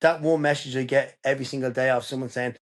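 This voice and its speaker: A man's voice: medium pitch, fairly even intonation, quick pace. An Irish man speaking as a podcast guest, telling his personal story in an earnest, emphatic way. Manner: earnest, emphatic, tells stories openly.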